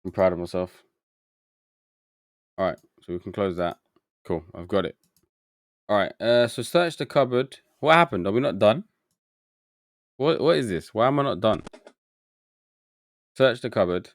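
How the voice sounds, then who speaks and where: Low, dry-voiced man streaming a game. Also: animated, a little slow, pauses often, no room sound. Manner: muttering to himself, easily confused, chatty with chat. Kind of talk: live gameplay commentary.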